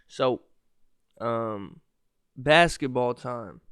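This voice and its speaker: Guy with a lisp ranting on his podcast, cussing, kinda high voice, dry close mic, voice getting hoarse. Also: animated, a little slow, fairly bright tone, no echo. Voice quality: lisp and stutter. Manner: profane, exasperated ranting with laughs and restarts. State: voice going hoarse. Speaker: podcast host. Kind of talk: solo podcast rant.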